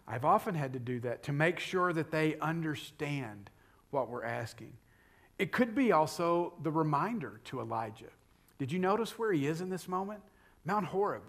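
A middle-aged man preaching a sermon, building loudly on key points and dropping to a whisper for emphasis. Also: a little high. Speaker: pastor.

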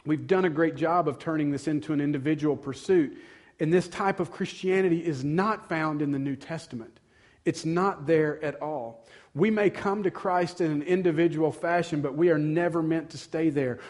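Male preacher, emphatic sermon delivery, voice on the high side. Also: moderate pace. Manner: earnest preaching, building to emphatic louder passages. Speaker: pastor.

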